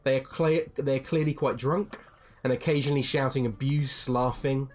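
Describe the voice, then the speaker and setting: A young man running a tabletop game as dungeon master, narrating scenes with frequent pauses and restarts. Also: medium pitch, steady tone. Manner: hesitant, many ums and restarts, slips into character voices.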